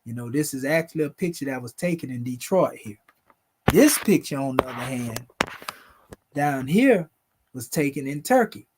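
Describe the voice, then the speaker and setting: A man's voice: medium pitch, lively intonation, moderate pace, a little mellow, slight background noise. A man casually walking viewers through old photographs, talking in a loose conversational way and calling them family. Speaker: video host presenting photos. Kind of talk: casual explanatory talk over pictures.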